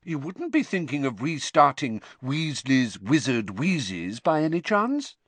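Mrs Weasley, a man voicing a sharp scolding mother. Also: medium pitch, very animated, unhurried, no room sound, pitched above the performer's own voice. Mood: suspicious. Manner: shrewd, scolding. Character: sharp, bossy middle-aged mother.

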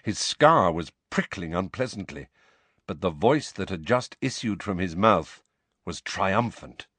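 A man reads a novel aloud with measured, expressive storytelling. His pitch moves a great deal. The sound is dry and close. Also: husky, dry recording. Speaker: audiobook narrator. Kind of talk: scripted narration.

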